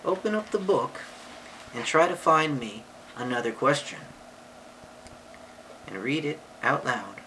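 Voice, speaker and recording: A woman's voice: rumbling low, slight background noise, poor audio. A woman reading a picture book aloud to a child, stopping to ask questions. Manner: slow, lively storytelling with questions to the child.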